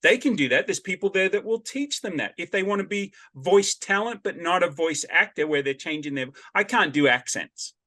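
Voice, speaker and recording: A man hosting a podcast over a video call, chatting casually and telling animated stories. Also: high voice, normal speed, few pauses. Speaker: podcast host. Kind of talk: casual interview chat.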